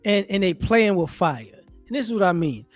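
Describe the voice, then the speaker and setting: A man giving casual monologue commentary as an online commentator, animated and rhetorical, often restarting his sentences. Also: sits high, moderate pace, no echo, faint music behind.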